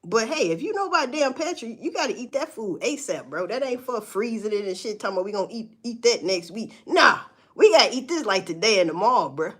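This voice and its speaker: On a live stream, a woman talks straight to her viewers in a blunt, profane, casual way. Her pitch swings widely and she jumps up into loud, emphatic outbursts. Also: sing-song, brisk, few pauses, breathy edge. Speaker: livestream host. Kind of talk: casual livestream chat to viewers.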